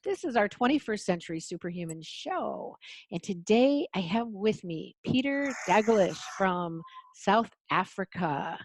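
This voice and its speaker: An effusive woman hosts a casual online interview, speaking in a mid-pitched voice. Her sound is dry and close, with little room around it, as on a video call. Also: lively intonation, unhurried, no room sound. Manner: warm, effusive, lots of "mm" and "gorgeous". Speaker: host.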